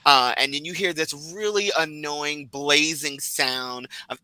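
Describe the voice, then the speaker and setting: Male game master, very bright voice, slightly high, lively descriptive narration. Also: measured pace, slight background noise, rough recording. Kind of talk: narrating a role-play scene.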